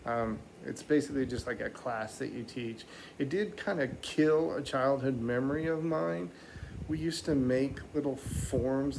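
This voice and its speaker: A man doing stand-up comedy, telling a rambling, animated story and slipping into mock voices. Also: mid-range voice, background noise.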